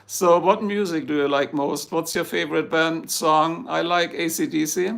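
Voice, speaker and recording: A man's voice: a little high, steady tone, normal speed, vocal fry, fairly bright tone. A man with a German accent, a native German speaker, chatting casually on a livestream, joking and rambling as he answers viewers in the chat.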